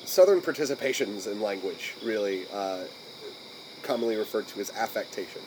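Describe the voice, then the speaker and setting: An American man co-hosting a podcast, talking casually with frequent swearing and pausing to search for his words. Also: fairly low pitch, animated, background noise. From United States. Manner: rambling, profane, searching for words. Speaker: podcast co-host.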